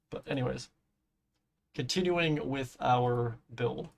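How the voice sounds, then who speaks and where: A man's voice: mid-range voice, moderate pace, a bit bright. A man chatting casually on a live stream while building in a game, rambling, humming to himself and swearing offhand, his voice giving out.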